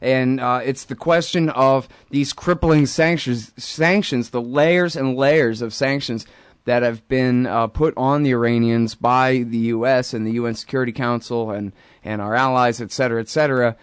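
A blunt, sarcastic man hosting a radio talk show, with an ordinary mid pitch. He rants with heavy fillers and hesitations. The studio sound is dry and close. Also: fairly even intonation, normal speed, clear, resonant tone, no room sound. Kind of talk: opinionated radio talk and interview.

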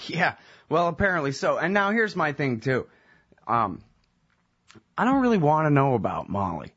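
A man's voice: a little high, sing-song, normal speed, a bit bright, slightly rough, no echo. A man hosting a radio talk show, blunt and sarcastic, swearing casually as he asks questions. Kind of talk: radio discussion. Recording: dull band-limited radio audio.

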